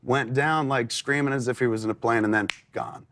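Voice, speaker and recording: A man's voice: medium pitch, steady tone, a little fast, fairly bright tone, a little hiss or hum. A man in his forties, an interview guest, telling a personal story candidly with many fillers.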